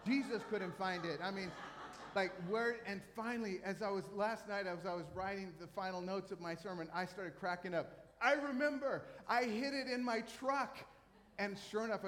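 A male pastor delivers a sermon from a church stage, his voice sitting a little high. He tells stories with lively, self-deprecating humor. The sound rings with the long reverb of a large hall. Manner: storytelling, animated, self-mocking humor.

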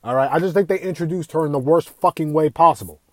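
A young man hosting a casual gaming podcast, talking in an excitable, profane, rambling way. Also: on the high side, fast, no echo. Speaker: podcast host.

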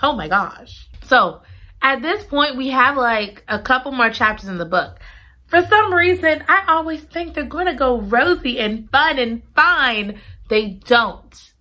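A woman chatting casually about a romance novel, dramatic and gushing. Her bright voice swings widely from highs to lows. She reacts big to every twist. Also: animated, unhurried. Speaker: book reviewer. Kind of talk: casual chat.

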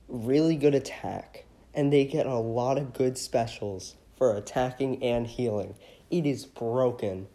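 A man rambling excitably and casually about his favorite video games, with frequent giggles. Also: mid-range voice. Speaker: vlogger. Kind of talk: casual enthusiastic chat.

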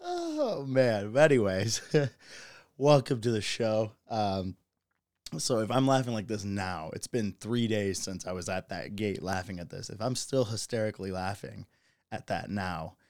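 A man's voice: lowish voice, expressive, measured pace, dry recording, clean studio sound. A man hosting a podcast, telling stories in a loose, profane way and often breaking into laughter. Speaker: podcast host. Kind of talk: casual solo podcast monologue.

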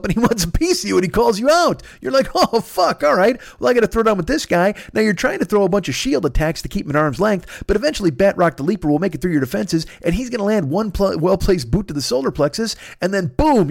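A middle-aged man from Illinois riffs through a profane, rambling comic monologue, spinning out one ridiculous scenario after another. His voice sits a touch high for a man and carries a gravelly fry, and the recording is dry and close. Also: dry recording.

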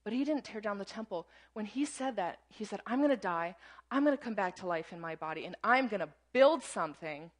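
A woman's voice: mid-range voice, lively intonation, brisk. A woman preaching a sermon in a conversational teaching style, often checking in with "right?" between points. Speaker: pastor.

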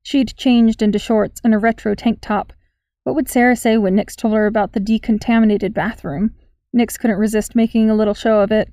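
A woman reading a story aloud in a steady, even storytelling manner. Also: medium pitch, normal speed, no room sound. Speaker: audiobook narrator. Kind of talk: scripted narration.

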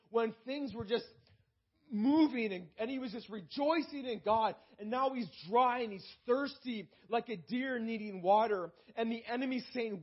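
High-voiced preaching man, dull recording. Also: husky. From Canada. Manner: preaching with call-outs to the congregation; slows down to read scripture aloud. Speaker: pastor. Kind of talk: sermon. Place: church.

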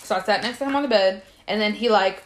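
A woman's voice: mid-range voice, fast. A young woman co-hosts a casual podcast. She tells her stories with lots of slang and acts out the lines of each person she quotes, with a voice that sits in a middle range. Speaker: podcast co-host. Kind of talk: casual chat.

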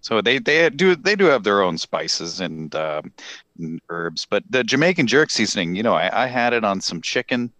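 A man co-hosting a comedy podcast, rambling through sponsor reads with a deadpan manner and lots of fillers. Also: lowish voice, normal speed, no room sound. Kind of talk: improvised comedy podcast banter.

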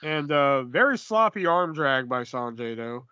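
A man co-hosting a podcast, chatting casually and profanely about wrestling, rambling and animated. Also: mid-range voice, measured pace, clean tone, no room sound, highs cut off. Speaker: podcast co-host. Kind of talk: casual wrestling review chat.

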